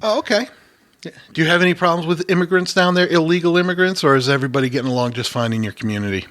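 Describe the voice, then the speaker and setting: A man's voice: on the high side, quick pace, fairly bright tone. A man co-hosting a casual podcast chat, joking and laughing often as he talks. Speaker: podcast co-host. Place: lives in Connecticut.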